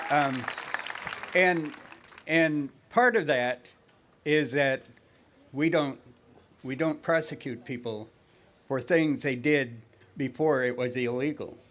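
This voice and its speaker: Man, audience questioner, halting, hesitant, many pauses. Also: medium pitch, fairly bright tone, a faint crowd. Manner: halting, many fillers and restarts. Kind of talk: debate Q&A at a mic.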